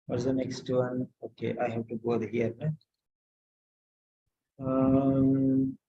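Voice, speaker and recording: A man tutoring nursing students, correcting a written letter aloud, slow and repetitive, often asking pointed questions. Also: medium pitch, flat delivery, dull audio.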